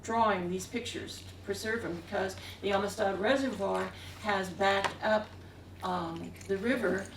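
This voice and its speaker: A woman's voice: mid-range voice, steady tone, a little slow, few pauses. A woman artist giving a talk, telling stories in a meandering way with frequent chuckles. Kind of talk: anecdotal storytelling. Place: museum gallery room. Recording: echoey room, distant mic, faint hiss.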